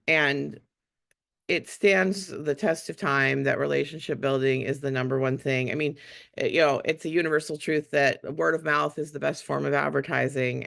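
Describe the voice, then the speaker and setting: Hoarse woman panelist with a cold, gravelly and sharp-edged, chatty on a video call. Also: extremely low pitch. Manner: chatty, self-deprecating, many ums. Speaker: museum fundraiser on a panel. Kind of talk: webinar panel talk.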